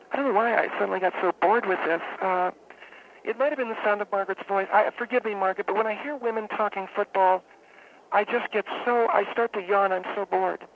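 A man playing a rambling, deadpan woman football fan phoning in to a comic radio bit. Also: high voice, voice pushed up. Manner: rambling, deadpan, halting with fillers. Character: woman caller, brawling football fan, middle-aged. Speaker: caller. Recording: tinny phone line, faint hiss.

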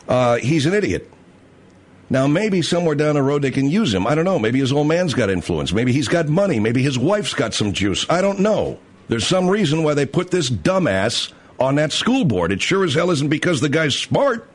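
Brief: male talk host with a slightly high, swinging voice, blunt and salty, ranting to listeners. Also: very animated, normal speed. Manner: blunt and profane, acts out others' voices. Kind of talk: opinionated talk radio rant.

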